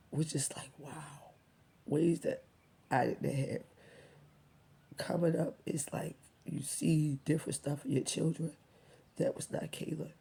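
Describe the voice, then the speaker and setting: Hushed, gravelly woman fighting back tears. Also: very deep voice. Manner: soft, halting, often near a whisper, with many pauses and ums. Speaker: vlogger speaking to her subscribers. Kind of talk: emotional personal storytelling.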